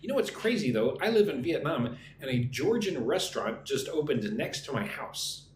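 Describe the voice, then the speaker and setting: A man's voice: fairly high pitch, very animated, moderate pace. Chatty American man in a roomy space. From United States. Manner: chatty, reads viewer comments aloud and answers them. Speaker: online English teacher. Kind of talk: casual live-stream chat. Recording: roomy sound with faint ambient noise.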